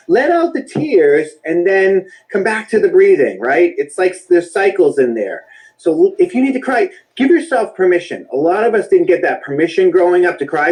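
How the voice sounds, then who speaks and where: Man, breathwork instructor, casual chatty explanation, reassuring, slightly high voice, occasional swearing. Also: low-quality recording.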